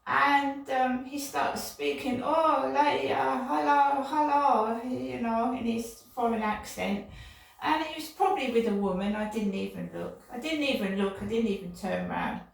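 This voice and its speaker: A woman's voice: on the high side, moderate pace, creaky. An older woman vlogging in a rambling, indignant monologue that often repeats itself. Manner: indignant, repetitive, digressive. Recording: echoey room, distant from mic.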